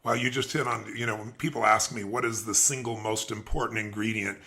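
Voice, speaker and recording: Bright-voiced man hosting an interview. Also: lowish voice, steady tone, a little fast. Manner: emphatic, reflective commentary. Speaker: host. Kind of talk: interview conversation.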